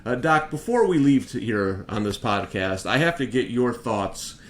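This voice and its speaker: A man hosting a sports podcast, upbeat and quick to laugh. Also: mid-range voice, animated. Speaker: podcast host. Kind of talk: casual podcast chat. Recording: echoey room with faint noise.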